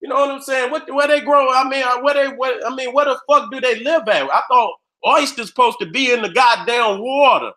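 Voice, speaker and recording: A man with a very high, bright, sharp-edged voice goes off in a loud, profane rant. He talks straight to his viewers in streetwise slang and keeps slipping into short acted-out exchanges. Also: a little fast, few pauses. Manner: heated, streetwise, loud, acts out dialogues. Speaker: video host. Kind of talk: profane ranting commentary.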